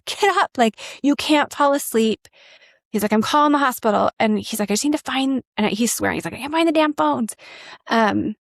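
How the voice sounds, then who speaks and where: A woman in her thirties tells a personal story as a podcast guest. She speaks candidly, rambling with fillers and restarts, in a medium-pitched voice. The sound is dry and close. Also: dry recording.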